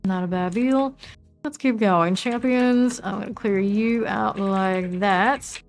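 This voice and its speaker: A woman with a Southern US accent, casually commenting while she plays a game, chatty and relaxed as she reads out item names. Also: medium pitch, takes it slowly, soft background music. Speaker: streamer.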